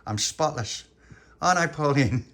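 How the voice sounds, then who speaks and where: A man voicing a cheeky, bossy little boy with a squeaky, excitable delivery. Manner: squeaky, excitable, slow emphatic exclamations.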